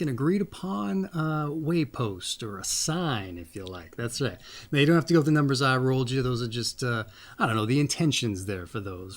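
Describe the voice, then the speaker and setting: A man with a voice of middling pitch hosts a loose, meandering monologue. He jokes with the listener and circles back to a folksy catchphrase. Between the asides he reads passages aloud from a book. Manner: rambling, folksy, often says "that's right"; playful, jokey asides. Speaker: host of a birthday reading channel.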